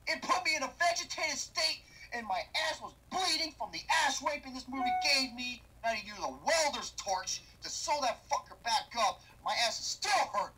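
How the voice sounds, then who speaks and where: A young man tearing into a bad film in a profane comedic rant. His voice is bright and forceful, and he talks in loud, exasperated bursts full of cursing. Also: very high-pitched, animated, brisk, hardly any pauses, husky, poor audio. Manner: loud, exasperated, heavy swearing. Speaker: movie reviewer.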